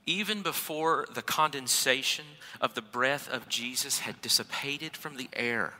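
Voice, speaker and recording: Male preacher, earnest and measured, very bright tone, reverberant hall. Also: mid-range voice. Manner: earnest, with slow weighty pauses. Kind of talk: scripture reading and sermon.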